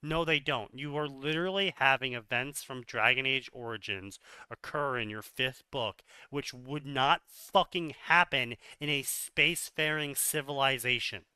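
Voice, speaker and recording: A man's voice: medium pitch, unhurried, few pauses, bright, forceful tone, smooth, dry recording. A man reading a text aloud for a comedy stream and mocking it with frequent swearing. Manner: swears often, mocking asides. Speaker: co-host reading fanfiction aloud. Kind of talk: sarcastic commentary on a read-aloud text.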